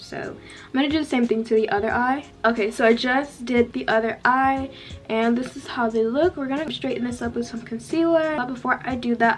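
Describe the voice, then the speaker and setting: Chatty young woman vlogger. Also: on the high side. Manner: chatty, filler-heavy, addresses viewers directly. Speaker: beauty vlogger. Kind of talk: casual makeup tutorial talk-through.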